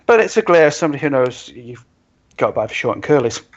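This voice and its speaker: A man narrating as game master in a tabletop role-playing game, offhand and relaxed, with many fillers. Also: medium pitch, fast, lo-fi sound.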